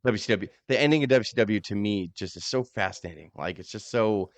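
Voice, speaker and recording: Low-voiced opinionated podcast co-host man. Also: a little fast, dry recording. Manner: animated, opinionated, curses freely. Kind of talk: casual podcast chat.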